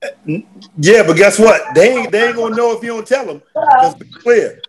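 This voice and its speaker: A man's voice: sits high, expressive, brisk, a loud crowd. A man co-hosting a radio talk show, casual and emphatic. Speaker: radio co-host.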